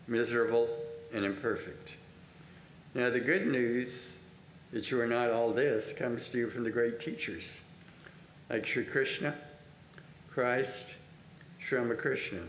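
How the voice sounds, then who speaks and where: A man's voice: mid-range voice, a bit bright. Man reading scripture earnestly. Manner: earnest, emphatic, measured reading. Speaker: reader in a study group. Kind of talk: reading a spiritual text aloud. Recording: roomy echo, faint background noise.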